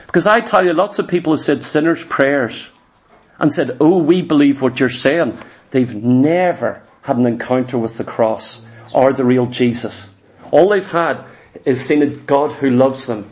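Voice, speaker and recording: A man preaching a sermon in an animated, emphatic way, often firing questions at his listeners. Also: medium pitch, measured pace.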